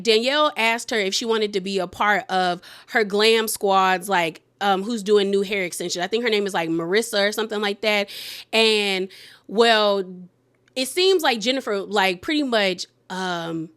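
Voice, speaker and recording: Chatty woman recapping reality TV. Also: fairly high pitch. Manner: animated, acts out quotes of cast members; slangy, many fillers like "like". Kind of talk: casual show recap.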